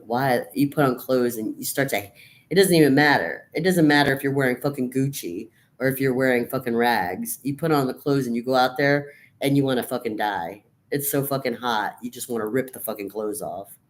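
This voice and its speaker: A woman's voice: rumbling low, moderate pace. A woman in her fifties, depressed and weary, talking in a profane, rambling, bleak monologue to her camera. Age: 50s. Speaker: vlogger.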